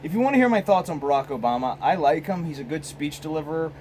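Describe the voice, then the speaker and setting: A man's voice: a little high, expressive, fast, darkish tone, slight background noise, rough recording. Rambling American man vlogging casually. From United States. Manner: rambling, profane, many restarts. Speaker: host. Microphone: phone.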